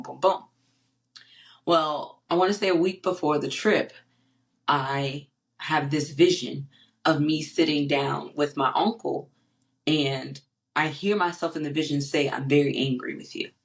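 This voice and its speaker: A woman hosting her own faith podcast, telling a personal story in a casual, animated way with many fillers, acting out her own past words. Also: deep voice. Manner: frequent fillers and repetition. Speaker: podcast host.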